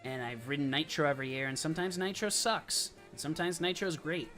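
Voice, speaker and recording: A young man hosting a casual livestream, chatting and giving quick verdicts with asides and laughs. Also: on the high side, steady tone, fairly bright tone, faint music behind. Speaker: livestream host. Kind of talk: casual live-stream commentary.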